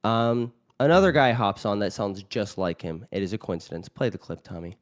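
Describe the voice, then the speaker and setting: A man's voice: on the low side, normal speed. A man hosting a livestream, joking and laughing often in casual banter. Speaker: show host.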